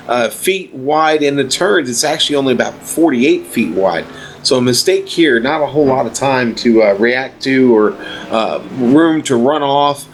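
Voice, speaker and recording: A man commentating on a sim racing broadcast in a relaxed, chatty way. He leans on fillers like "uh" and "you know," and the line carries a faint hiss. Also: a little high. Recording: faint background noise.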